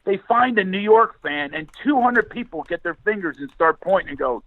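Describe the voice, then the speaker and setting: A middle-aged comedian from Philadelphia tells wild stories at a rapid clip, laughing through his lines and tripping over restarts. His voice sits a bit high and rings bright and forceful. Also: lively intonation, lo-fi sound. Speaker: comedian guest. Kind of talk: animated comic storytelling. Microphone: phone call.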